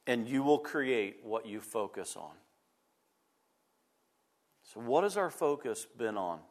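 Emphatic preaching man, slow delivery. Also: mid-range voice. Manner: emphatic preaching with repeated phrases, swinging from loud to soft. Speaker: pastor. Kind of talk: sermon.

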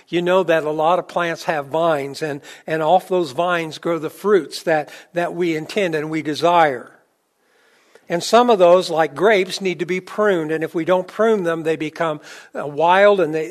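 A man preaching with a fairly high voice. He talks to the congregation in a conversational way, builds to loud, emphatic points, then sinks to a quiet, low delivery. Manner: rising to emphatic peaks, then dropping low and soft; conversational, with fillers and restarts. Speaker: pastor. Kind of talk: sermon.

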